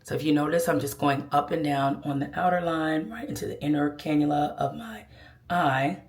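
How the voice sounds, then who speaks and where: A woman's voice: low voice, moderate pace. A woman giving a casual makeup tutorial, chatty and sassy, calling viewers girl and child. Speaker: beauty vlogger. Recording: echoey room.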